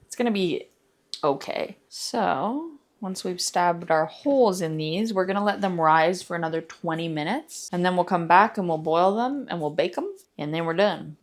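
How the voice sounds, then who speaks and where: A woman's voice: on the low side, a little slow, long pauses. A young woman chatting casually as she cooks, playful and joking, breaking into silly sing-song bits. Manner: playful, sings nonsense and jokes while cooking. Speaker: vlogger. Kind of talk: casual kitchen vlog chat.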